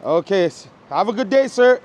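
Brief: man, street vlogger, relaxed and chatty, higher than usual voice, outdoors. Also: moderate pace, lo-fi sound. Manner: easygoing, says "yeah" and "man" a lot. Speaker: vlogger and rapper. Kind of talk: casual street interviews.

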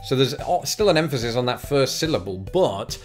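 A man's voice: mid-range voice, lively intonation, fairly quick, faint music behind. A young English man hosting a casual vlog, talking with wry, self-deprecating asides. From England. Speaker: YouTube host.

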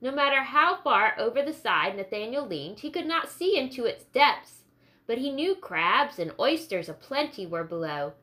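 A woman reads a historical novel aloud as an audiobook narrator. Her voice is bright and sits a little high, and she keeps a clear, steady storytelling pace. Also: moderate pace.

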